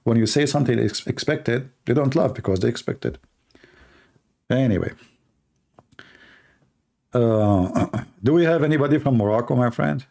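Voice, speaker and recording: Live-stream host, male, Arabic native from the Middle East, gravelly and dark, loose joking ramble. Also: medium pitch, normal speed, pauses often. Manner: rambling, joking, reacting to chat. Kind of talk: casual live-stream chat.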